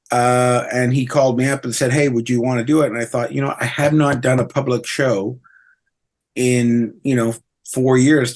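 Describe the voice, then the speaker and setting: A middle-aged man from Canada, a comedian chatting in an interview, rambling with fillers and mocking himself. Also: medium pitch. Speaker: comedian guest. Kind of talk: casual interview chat.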